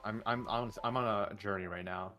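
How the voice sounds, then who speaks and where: A man's voice: lowish voice, fairly even intonation, normal speed, pushed and bright, soft background music. A man from Canada chatting casually as a streamer, hesitant and often searching for words. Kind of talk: casual chat.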